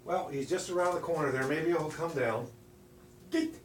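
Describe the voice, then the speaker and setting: A man's voice: on the high side, normal speed. Folksy middle-aged man in a roomy workshop. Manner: folksy, chatty, calls viewers "my friends". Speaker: woodworking channel host. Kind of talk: casual how-to demonstration. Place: home workshop. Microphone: phone camera. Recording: roomy workshop echo, faint noise.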